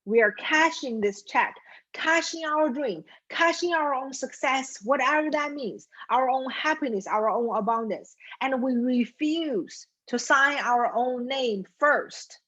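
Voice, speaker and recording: Husky-voiced woman coach. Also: high voice, unhurried, a bit bright, lo-fi sound. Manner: earnest, storytelling, direct address. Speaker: mindset coach. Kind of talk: coaching talk with a story.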